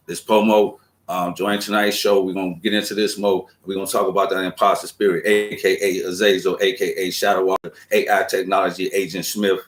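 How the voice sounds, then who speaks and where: A man's voice: deep voice, little pitch movement, fairly quick, few pauses. A man hosting a show, giving a streetwise, profane spiritual talk and acting out quoted voices. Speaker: show host. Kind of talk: casual spiritual monologue. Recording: roomy echo.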